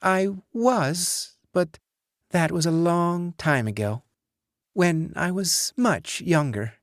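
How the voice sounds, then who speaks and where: A man voicing a tired, polite, career-driven young woman who grows drowsy, speaking softly and raised well above his own pitch. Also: lively intonation, takes it slowly, dry recording, clean studio sound. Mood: polite, sleepy. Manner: drowsy, fading, soft replies.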